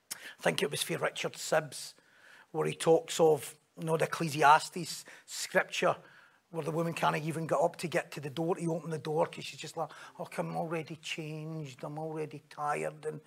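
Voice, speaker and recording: A man's voice: a little high, creaky, fairly bright tone, husky. A man preaching a sermon in a conversational way, acting out quoted voices and asking rhetorical questions.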